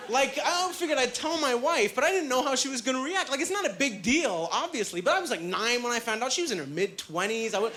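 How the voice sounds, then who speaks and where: A man performing a stand-up comedy set on a club stage, chatty and self-deprecating, with plenty of filler words and quick asides. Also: very high voice, expressive, bright, forceful tone, some chatter behind.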